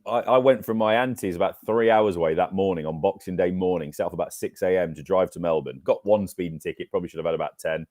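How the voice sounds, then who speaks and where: A man's voice: low-pitched, fast talker, few pauses, darkish tone, no echo, clean studio sound. A man from England co-hosting a cricket podcast, telling stories with enthusiasm in casual chat. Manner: enthusiastic storytelling. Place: New Zealand.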